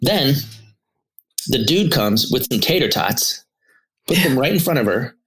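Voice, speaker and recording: A man's voice: mid-range voice, lively intonation, a little slow, a bit bright, slightly rough, rough recording. A man who is a therapist and podcast co-host, telling stories in a casual, rambling way, with lots of restarts. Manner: storytelling, many restarts and fillers.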